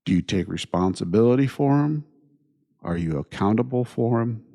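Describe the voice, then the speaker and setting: A man hosting his own podcast, talking through his thoughts in an unhurried monologue and repeating his points through rhetorical questions. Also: lowish voice, expressive, creaky, mellow. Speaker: podcast host. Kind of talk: reflective monologue.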